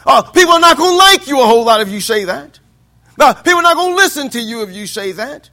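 Man, sermon, high voice, bright tone, loud and soft by turns. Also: animated, quick pace. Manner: call-and-response preaching, asks for amens; swings from loud declaiming to quiet asides. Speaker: pastor.

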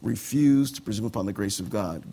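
A man preaching a sermon as pastor, animated and acting out conversations. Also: on the low side, a little fast, husky.

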